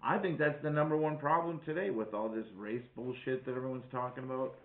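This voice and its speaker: A man's voice: mid-range voice, fairly even intonation, brisk. Profane, rambling man in an echoey room. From Wisconsin. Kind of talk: casual chat. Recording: echoey room, tinny phone-like sound.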